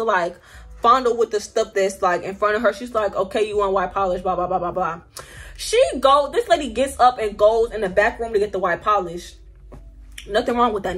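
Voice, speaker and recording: A young woman spins a storytime vlog with lively, slangy delivery and acts out the people in it. Her voice sits a little high, bright and forceful, with a husky edge. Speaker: vlogger.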